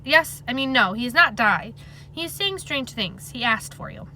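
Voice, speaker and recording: A woman voicing a young boy servant who speaks in a soft, earnest way. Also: fairly high pitch, lively intonation, normal speed, slight background noise. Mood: urgent.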